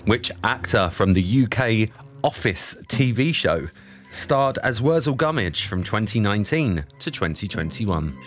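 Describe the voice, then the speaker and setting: A man's voice: lowish voice, lively intonation, measured pace, a bit bright. A man hosting a radio quiz in a bubbly, affectionate way, calling contestants babe.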